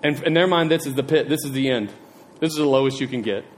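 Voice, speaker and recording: A man's voice: mid-range voice, fast talker, a little hiss or hum. A male preacher giving a casual sermon, chatty and rambling, with self-deprecating digressions and questions to the congregation. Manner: chatty, asks the audience questions.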